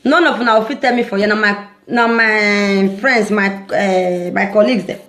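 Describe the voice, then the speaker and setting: A Nigerian woman talking casually to her followers in a vlog, animated and preachy, often laughing as she speaks. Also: medium pitch, moderate pace. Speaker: social media vlogger.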